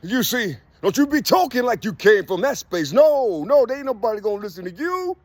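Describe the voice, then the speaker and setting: A man's voice: very high voice, big pitch swings, a little fast, no room sound. A man giving a loose spiritual monologue, preachy and slangy, with "you see" in nearly every line.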